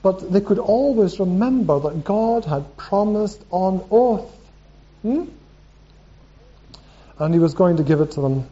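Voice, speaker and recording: A man's voice: high voice, lively intonation, a little slow, long pauses, dark tone. A man preaching a sermon, reading scripture aloud and asking the congregation questions. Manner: reads scripture aloud, asks the room questions. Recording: dull lo-fi recording.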